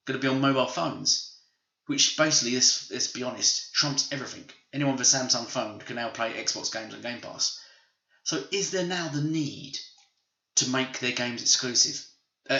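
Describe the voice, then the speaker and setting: A man hosts a gaming video, hammering home his opinions with emphatic, repetitive phrasing. His voice is sharp and bright. The room echoes around him, and the recording sounds a little dull. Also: medium pitch, gravelly. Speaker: gaming channel host.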